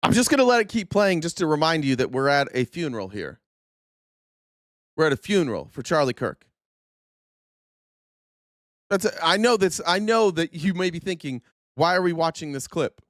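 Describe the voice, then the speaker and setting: A man's voice: on the high side, very animated, moderate pace, long pauses, fairly bright tone, no room sound, clean studio sound. A man hosting a political commentary livestream, earnest and indignant, stumbling over restarts and losing his voice. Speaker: host.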